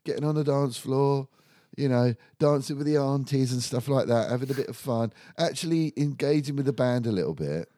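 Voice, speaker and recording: A man telling an animated, sweary story in a casual chat. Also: mid-range voice, fairly quick, dry recording, studio quality.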